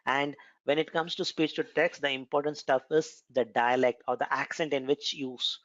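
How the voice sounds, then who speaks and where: A man's voice: medium pitch, steady tone, normal speed, a bit bright, no room sound. Indian male tech trainer, casual explanatory delivery, dry dull lo-fi recording. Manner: conversational, explanatory, frequent "uh" fillers. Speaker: cloud computing instructor. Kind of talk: recorded technical lesson with demo.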